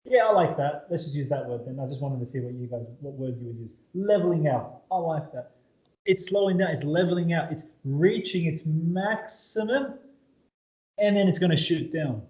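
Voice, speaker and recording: In an echoey room with dull lo-fi sound, a man teaches a maths lesson in a relaxed way, frequently checking on his students. His voice is on the high side, animated, and a little mellow, at normal speed.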